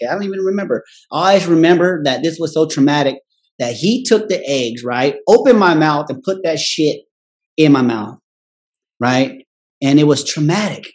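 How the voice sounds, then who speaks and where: His voice sits on the high side with a darkish tone as he shares a frank, personal story full of swearing. Nearly every phrase ends in a questioning "right?", and he acts out family members in quick quoted voices.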